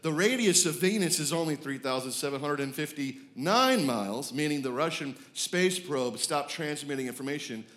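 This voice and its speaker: A man, preaching a sermon, moving from hushed reflection to loud, excited declarations. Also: fairly high pitch, normal speed, hardly any pauses. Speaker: pastor.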